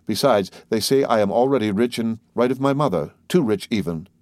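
A man's voice: lowish voice, animated, brisk, a little mellow, dry recording, clean studio sound, close to an everyday voice. A man voicing a tender, devoted young granddaughter who speaks in an earnest, pleading way.

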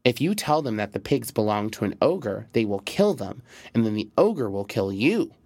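A man's voice: fairly low pitch, big pitch swings, normal speed, darkish tone, dry recording. A man voicing a sly, clever male fox who schemes with urgent, persuasive words. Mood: urgent scheming.

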